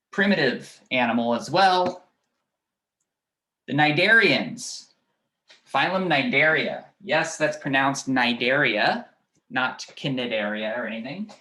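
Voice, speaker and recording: A male biology teacher lectures at an unhurried pace, pausing on fillers and checking in with his class. The room is echoey, so his voice rings off the walls of the classroom. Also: mid-range voice, pushed and bright. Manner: halting, with many fillers and checking questions.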